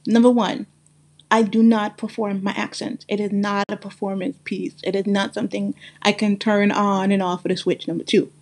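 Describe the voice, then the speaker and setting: A podcast host from Brooklyn, this woman has a mixed Guyanese and New York accent and talks straight to her listeners in a casual monologue. Her voice is medium-pitched, level and a little mellow at normal speed, and she's emphatic, repeating phrases for stress.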